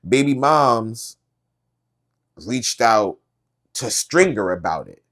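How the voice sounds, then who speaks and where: A man hosting a podcast, casually recapping a TV series in slangy, animated storytelling with lots of filler. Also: medium pitch, slow. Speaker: podcast host.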